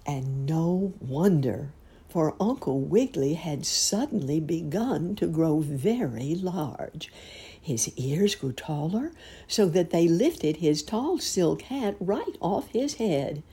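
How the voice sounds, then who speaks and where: A woman reading a children's storybook aloud, slowly and expressively. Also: deep voice, slightly rough. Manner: slow, expressive.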